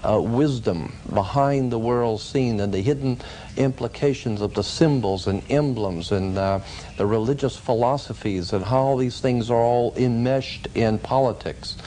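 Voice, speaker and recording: A man telling a personal story in a casual, conversational way, pausing often with "uh" and "um". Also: mid-range voice, warm tone, a little hiss or hum. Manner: conversational, with frequent "uh" and "um" pauses. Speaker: storyteller recounting a personal experience.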